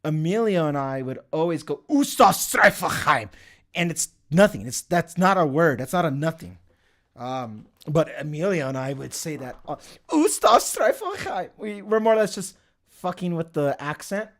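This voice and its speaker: Talking at a moderate pace in a slightly high, expressive voice, a young man runs a laid-back livestream. Reading the chat aloud, he wanders off topic, swears and keeps laughing.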